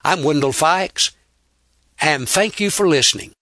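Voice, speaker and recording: A man hosting a Sunday radio program, reading a poem in an earnest, measured, softly pleading way. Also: fairly high pitch, no echo, studio quality. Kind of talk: slow solemn reading of a poem.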